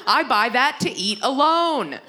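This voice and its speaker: Young woman comic doing a standup set, bright voice, rambly self-deprecating bits, lots of restarts. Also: sits high, expressive, unhurried. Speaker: stand-up comedian.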